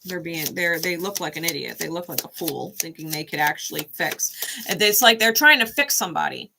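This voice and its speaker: A woman's voice: on the low side, a little fast, gravelly, noisy background. Blunt, cussing woman tarot reader. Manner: blunt, profane, animated. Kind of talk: casual tarot reading.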